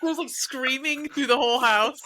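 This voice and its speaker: A woman's voice: high voice, moderate pace, sharp tone. A woman podcast co-host in casual chat, reacting to her partner's story with frequent laughter and blunt jokes.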